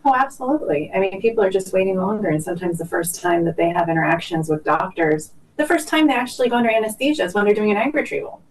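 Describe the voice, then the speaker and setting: A woman's voice: mid-range voice, expressive, fast, hardly any pauses, distant mic, a little hiss or hum, poor audio. A woman guest doctor talking casually on a podcast, chatty and self-deprecating, with jokes.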